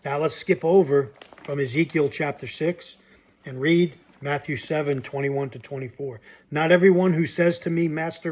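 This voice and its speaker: A man reading Bible verses aloud and breaking off to comment and challenge his listeners, as in a sermon. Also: on the high side. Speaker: Bible teacher.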